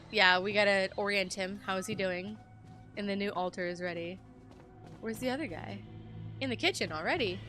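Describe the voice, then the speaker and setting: Bright-voiced, animated woman streamer. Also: medium pitch. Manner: animated, swears freely, jokes and reacts loudly. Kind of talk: live game commentary and reading game text aloud.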